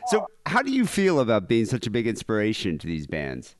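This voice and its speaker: A man's voice: fairly low pitch, wildly swooping pitch, fairly quick, no echo, studio quality. A man interviewing a rock musician, enthusiastic and casual, with many fillers. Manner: enthusiastic, uses fillers like "like" and "you know".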